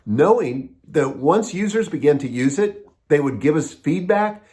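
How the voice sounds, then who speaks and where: A man's voice: on the high side, unhurried. A middle-aged American man giving a conference talk, telling stories and acting out what people said. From United States. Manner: animated storytelling, acting out quotes. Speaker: conference speaker.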